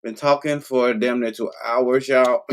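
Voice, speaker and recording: A man's voice: medium pitch, steady tone, takes it slowly, gravelly. A man hosting a livestream, talking to his viewers in a loose, rambling, profane casual monologue. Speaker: livestream host.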